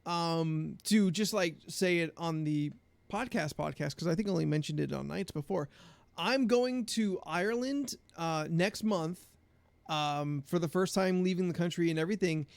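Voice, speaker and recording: Gravelly dry-voiced man rambling casually. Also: a little high, normal speed, no room sound. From New Jersey. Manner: rambling, filler-heavy, laughs at own jokes. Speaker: podcast co-host. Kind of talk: casual chat.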